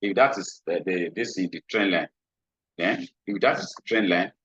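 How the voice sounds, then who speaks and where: A low-voiced man talks through a trading lesson, repeating phrases and checking in with a questioning "hmm?". His tone is bright and slightly husky. The recording is dry and a bit dull. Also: normal speed, dry recording. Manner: repetitive, checks in with frequent "hmm?". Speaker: trading instructor. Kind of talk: screen-share trading lesson.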